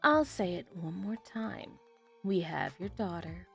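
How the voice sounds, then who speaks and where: A woman doing a hushed, menacing male kidnapper. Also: animated, creaky, soft background music, heavily acted. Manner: low, hushed and measured menace. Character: sinister calm male kidnapper on the phone.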